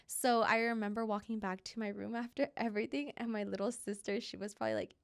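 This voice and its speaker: A woman's voice: medium pitch, fairly even intonation, fast talker, vocal fry, no room sound, studio quality. A young woman, a podcast guest, chatting casually and telling personal stories, acting out what others said. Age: young adult. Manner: chatty storytelling, acts out quoted voices. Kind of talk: casual chat.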